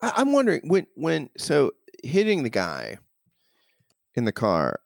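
A man's voice: fairly high pitch, wildly swooping pitch, a little slow, vocal fry, no echo, clean studio sound. A male interview host asking a long, searching question, stumbling and restarting his phrases.

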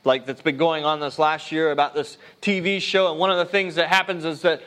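High-voiced earnest preacher man. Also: little pitch movement, a little fast, a bit bright. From United States. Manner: earnest, conversational preaching with frequent restarts. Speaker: pastor. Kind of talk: sermon.

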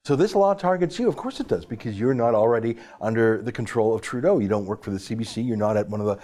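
Male commentator, animated delivery, emphatic and sarcastic, pitch swings widely. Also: fast talker. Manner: emphatic, sarcastic, reads legal text aloud. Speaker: political commentator. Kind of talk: opinionated political commentary.

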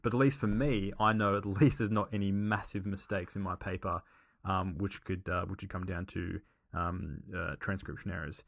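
A man's voice: low voice, steady tone, moderate pace, creaky, a bit bright, no room sound, studio quality. A man co-hosting a podcast, explaining things earnestly with frequent fillers and restarts. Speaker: podcast co-host. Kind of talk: casual podcast chat.

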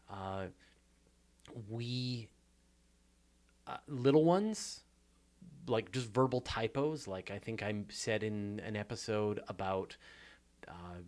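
A Canadian man hosting a casual viewer Q&A, chatty and self-deprecating, with many fillers and restarts. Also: mid-range voice. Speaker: show host answering viewer questions. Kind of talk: casual live Q&A chat.

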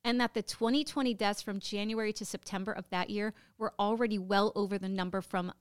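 A woman's voice: medium pitch, fairly even intonation, brisk, clean tone, no echo, studio quality. A woman co-hosting a podcast, telling a story in casual chat, emotional and rambling with lots of fillers. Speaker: podcast co-host.

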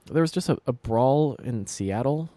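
A man's voice: mid-range voice, animated, measured pace, mellow, no room sound. A man with an ordinary mid-range voice who trades dry, wry banter. He chats casually as a co-host. The mic is close and dry. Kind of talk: casual chat.

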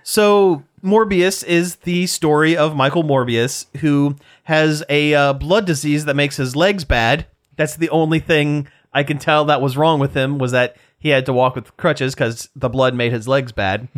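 A man's voice: fairly high pitch, steady tone, a little slow, hardly any pauses. A man hosting a casual podcast chat, rambling, joking and laughing often. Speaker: podcast host.

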